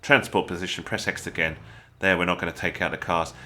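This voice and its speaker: A man's voice: sits low, steady tone, a little fast, pushed and bright. An English man with a chatty, jokey manner, talking viewers through a video game as a tutorial host. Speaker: gaming channel host. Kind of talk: gameplay tutorial commentary.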